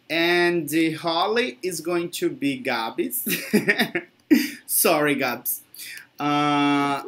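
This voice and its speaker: An English teacher with a Brazilian Portuguese accent and native Portuguese, giving an online lesson, encouraging and quick to laugh. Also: mid-range voice, fairly bright tone. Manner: encouraging, laughs often, slow explanations.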